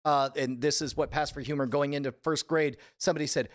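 A man's voice: fairly high pitch, fairly even intonation, fast talker, no room sound, studio quality. A man hosting a podcast, telling a rambling, stammering story in casual comedic chat. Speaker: podcast host.

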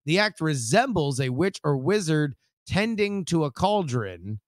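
Male podcast co-host; wry, emphatic, slightly higher voice. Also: measured pace, dry recording, clean studio sound. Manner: wry, emphatic, repeats himself when excited. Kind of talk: casual comedy podcast.

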